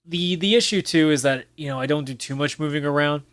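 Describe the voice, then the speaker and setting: A man's voice: a little high, brisk, a bit bright, dry recording. Blunt, profane male podcast host. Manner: blunt and profane, mocking other players in put-on voices. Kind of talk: casual solo podcast rant. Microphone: camera with mic on a desk.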